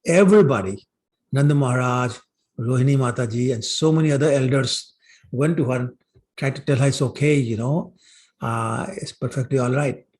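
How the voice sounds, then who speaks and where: A man's voice: medium pitch, moderate pace, a little mellow. A man teaching a scripture class in a casual storytelling way, with many fillers, acting out what the characters say. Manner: conversational, many fillers like "you know", voices characters' lines. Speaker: class speaker.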